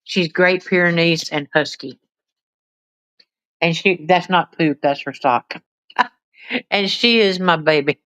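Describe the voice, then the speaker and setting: Slow, low-voiced woman. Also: a bit bright, dry recording, rough recording. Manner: rambling, chatty, talks to pets in high baby voice. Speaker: livestream host. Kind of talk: casual livestream chat with viewers. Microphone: phone.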